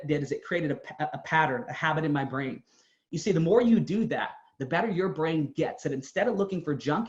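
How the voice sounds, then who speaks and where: A man's voice: fairly high pitch, reverberant. A man giving an earnest, emphatic motivational talk, telling his own story. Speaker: motivational speaker. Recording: dull lo-fi sound.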